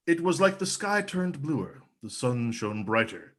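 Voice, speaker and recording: A man doing a deadpan spoof commercial, with a dry, formal, mock-earnest delivery. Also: on the high side, unhurried, hardly any pauses. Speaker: comedian performing a mock ad. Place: home video stream.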